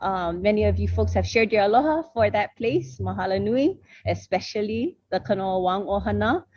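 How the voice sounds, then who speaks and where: A woman's voice: medium pitch, expressive, moderate pace, darkish tone. A woman giving closing thanks over a video call, hesitant and full of fillers. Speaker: closing speaker. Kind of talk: thank-you remarks. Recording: dull, dry lo-fi sound.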